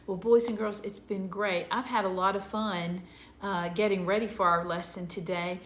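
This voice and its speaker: A woman teacher sounding out letters slowly and patiently for young children in an early reading lesson. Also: mid-range voice, steady tone, reverberant.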